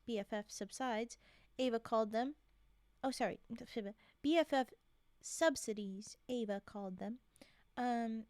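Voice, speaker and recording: A woman reads holiday stories aloud on a live stream, her voice high and bright. She laughs often and breaks off to chat with viewers between passages. The sound is close and dry, with no room around it. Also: no room sound. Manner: giggly, chatty, breaks off to react to viewers. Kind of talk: casual read-aloud with chat asides.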